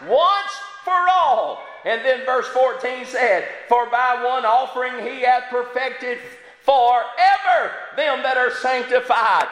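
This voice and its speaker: Male preacher, high and bright, fervent sermon delivery full of amens, recorded in a reverberant church hall. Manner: fervent, punctuated with frequent amens and halting fillers. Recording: echoey hall with long reverb.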